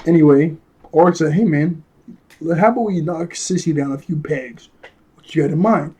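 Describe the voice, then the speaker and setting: A man with a fairly high but mellow voice runs through a cartoon episode in a casual review. He talks in loose slang, leans on fillers and keeps breaking into chuckles. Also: normal speed, husky.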